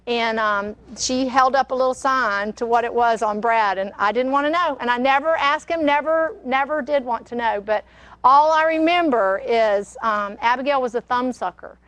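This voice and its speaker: A woman's voice: fairly high pitch, normal speed, fairly bright tone, no echo, dull audio. An older woman, hosting a casual cooking demonstration and chatting in a rambling, storytelling way. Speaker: cooking show host. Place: kitchen studio.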